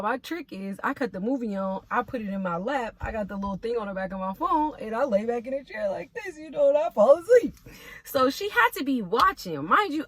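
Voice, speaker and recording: A woman's voice: fairly high pitch, fairly bright tone. A nursing assistant telling a storytime about her job in a blunt, sassy way, swearing freely and talking straight to her viewers. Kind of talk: storytime vlog.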